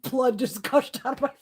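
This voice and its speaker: A woman's voice: high voice, fairly even intonation, slow, darkish tone, slightly rough. A woman hosting a casual livestream chat, swearing freely and laughing through her stories. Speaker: livestream host.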